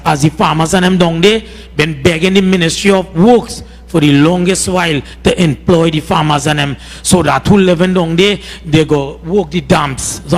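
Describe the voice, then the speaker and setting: A man with a Trinidadian accent, a farmer giving a heated speech at a community meeting and repeating "boy" often. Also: sits high. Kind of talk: impassioned public address. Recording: reverberant hall.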